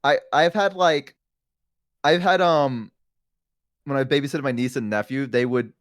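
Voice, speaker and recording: A guest on a chat stream, telling stories in a casual, animated way and acting out other people's voices. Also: medium pitch, a little slow, no echo. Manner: animated storyteller who acts out children's voices.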